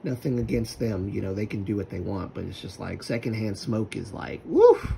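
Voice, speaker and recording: A man's voice: fairly low pitch, fairly even intonation, a little fast, creaky, dark tone, slight background noise. A man chatting casually on a livestream, rambling and talking to himself while using his computer.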